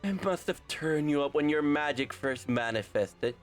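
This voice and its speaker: A young man reading a game's story aloud and voicing every part, animated and quick to correct his own slips. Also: on the high side, faint music behind. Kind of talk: game script readthrough, voicing all parts.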